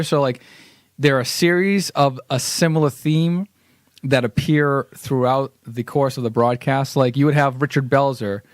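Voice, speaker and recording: A man co-hosting a podcast, explaining things in relaxed casual chat. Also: medium pitch, no room sound, studio quality. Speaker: podcast co-host.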